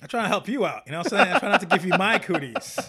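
A man co-hosting a casual comedic chat, joking and quick, often stammering and restarting his sentences. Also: high voice, very animated, sharp tone, husky. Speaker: podcast co-host.

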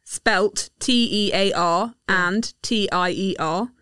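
A woman co-hosting a podcast, chatting casually with playful, drawn-out emphasis. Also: mid-range voice, a bit bright, clean tone, no room sound. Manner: playful, exaggerated emphasis when listing examples. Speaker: podcast co-host. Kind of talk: casual chat.

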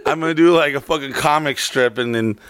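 A man's voice: fairly high pitch, a little fast, a bit bright, smooth. A man co-hosting a casual chat, telling travel stories with lots of swearing and jokes. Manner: profane, joking storyteller. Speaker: podcast co-host.

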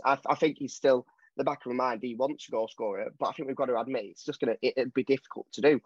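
A man co-hosting a casual football podcast, giving animated, opinionated takes. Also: mid-range voice, breathy edge, no echo. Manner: animated, opinionated, quick asides. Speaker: podcast co-host. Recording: dull dry lo-fi sound.

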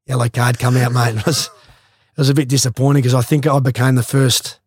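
Australian male guest, mid pitch, dry close mic, loose anecdotal delivery peppered with swearing. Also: flat delivery, fairly quick, dry recording. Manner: swears freely, rambling anecdotes. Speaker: guest, former athlete. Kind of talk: casual storytelling.

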